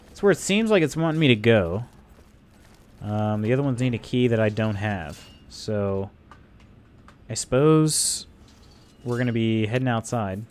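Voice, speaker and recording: A man's voice: mid-range voice, slight background noise. A man streaming a game live, chatting casually and thinking aloud to his viewers. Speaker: gaming streamer. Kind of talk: casual live gameplay commentary.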